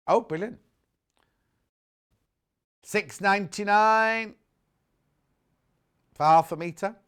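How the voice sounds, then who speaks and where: A man's voice: sits high, drawn-out words, fairly bright tone, clear, resonant tone. A man presenting fabrics on a live shopping channel, chatting and joking casually and reading out viewer messages. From United Kingdom. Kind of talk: casual live sales chat.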